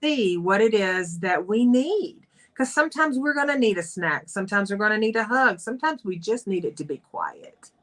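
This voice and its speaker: A woman co-hosting a talk show, speaking calmly and in a measured way, slowing down as she closes the show. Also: medium pitch. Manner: calm, measured, slows down to close. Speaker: co-host and coach. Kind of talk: reflective talk-show chat.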